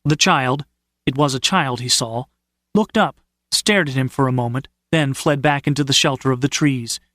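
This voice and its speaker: A man narrating an audiobook in a measured, steady storytelling manner. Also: medium pitch, no echo, clean studio sound. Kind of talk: scripted narration.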